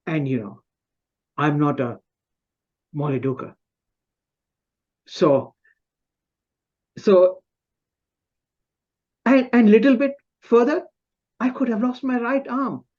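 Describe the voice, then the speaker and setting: A man giving a humorous, self-mocking personal story speech at a club meeting over a video call, pausing and restarting often. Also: high-pitched, darkish tone, muffled recording. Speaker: club speaker.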